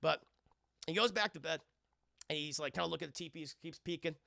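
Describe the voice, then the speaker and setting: A man giving an excitable, profane scene-by-scene spoiler review of a film on a live stream, acting out quotes along the way. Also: a little high, fast, vocal fry, no echo, studio quality.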